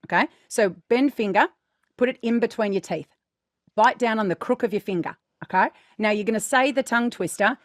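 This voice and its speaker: A woman's voice: on the high side, a little fast, dry recording, studio quality. Woman coaching diction on a podcast. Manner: explains patiently with frequent "right?" and "okay?" check-ins. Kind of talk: instructive podcast chat.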